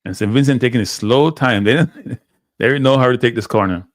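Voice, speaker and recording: Male host for a live match watchalong. Mid-pitch voice, blunt, exasperated play-by-play, close and dry. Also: fairly quick, dry recording. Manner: frustrated, blunt fan commentary.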